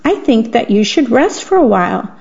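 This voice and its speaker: Storybook grasshopper, calm and courteous traveler, read by a woman with a higher voice, dull lo-fi radio sound. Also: normal speed, creaky. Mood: polite. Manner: polite, calm. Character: polite patient male grasshopper traveler.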